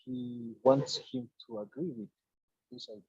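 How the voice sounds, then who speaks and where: A guy teaching english online, husky, explains things slow with lots of restarts, dry muffled mic. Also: mid-range voice, fairly even intonation, mellow, no room sound. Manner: explaining step by step, with halting restarts. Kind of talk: online grammar lesson. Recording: dull lo-fi dry sound.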